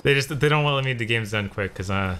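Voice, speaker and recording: A man's voice: mid-range voice, fast talker, pushed and bright, clean tone. A man playing a game on a casual stream, laid-back and self-deprecating, giving short replies. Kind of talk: casual gaming stream chat.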